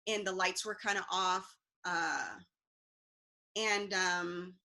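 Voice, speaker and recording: A woman's voice: lowish voice, slow, sharp tone. A woman, an interview guest, earnestly recounting a personal story with fillers and restarts.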